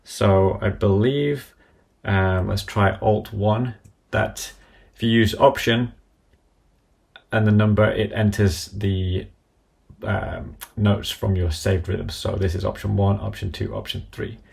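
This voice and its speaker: Low gravelly man talking through keystrokes. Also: fairly even intonation, slow pace, a little mellow. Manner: methodical, calling out keystrokes step by step. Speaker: software tutorial presenter. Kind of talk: screen-recorded software walkthrough.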